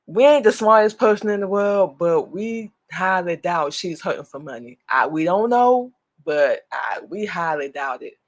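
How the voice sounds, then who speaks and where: A woman hosting a radio talk show, speaking earnestly in a casual monologue and repeating herself as she makes her point. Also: sits low.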